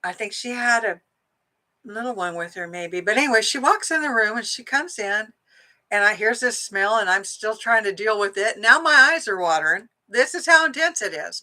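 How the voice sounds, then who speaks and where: Bright-voiced woman telling a story. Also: fairly high pitch, rough recording. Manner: chatty, animated, acts out quoted lines. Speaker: psychic medium telling a personal story. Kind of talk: casual storytelling to viewers.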